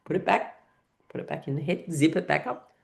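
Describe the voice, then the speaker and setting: A woman's voice: low voice, fairly quick, gravelly. A woman leading a guided laughter exercise session as an instructor, playful and coaxing, often breaking into exaggerated laughter. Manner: cheerful, coaxing participants to play along.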